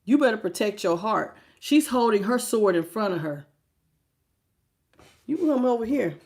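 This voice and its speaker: A woman giving a live-streamed tarot reading and greeting her viewers, emphatic and preachy, swinging between low murmurs and loud outbursts. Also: animated, moderate pace. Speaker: tarot reader.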